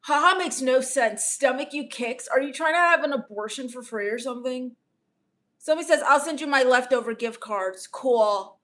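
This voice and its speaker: A woman with a high, fairly bright voice speaks at normal speed while playing a character on a livestream. As a comedian improvising, she becomes a bratty, self-absorbed teenage livestreamer who snarkily dismisses the viewer comments she reads aloud.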